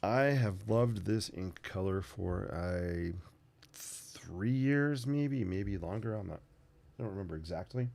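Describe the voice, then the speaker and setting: A man with a deep, gravelly voice hosts a relaxed art livestream. He rambles easily while painting and chats with the people watching. His speech is loose and unhurried. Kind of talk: casual sketching livestream chat.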